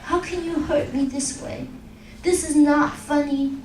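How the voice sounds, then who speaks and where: A tearful, wounded young woman pleads softly, as a woman pastor acts her out in a sermon. The high, quiet voice carries in an echoey church, picked up from a distance. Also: steady tone, very slow, slight background noise. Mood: hurt. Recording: echoey room, distant mic.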